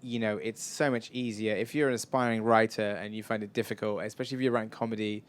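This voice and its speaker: A man's voice: fairly low pitch, steady tone, quick pace. A man answering audience questions at a live event, chatty and rambling, often self-deprecating. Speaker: filmmaker guest.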